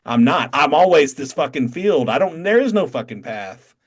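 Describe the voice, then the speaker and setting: A man's voice: fairly high pitch, very animated, moderate pace, breathy edge. A man from North Carolina with a Southern accent, giving a blunt, profane spiritual talk on a video call. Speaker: satsang teacher.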